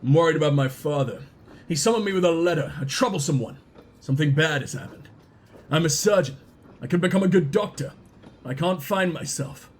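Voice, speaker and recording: A man putting on a lowered, dramatic voice to read the lines of an anxious young male doctor from a game. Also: fairly quick, lightly acted. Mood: brooding.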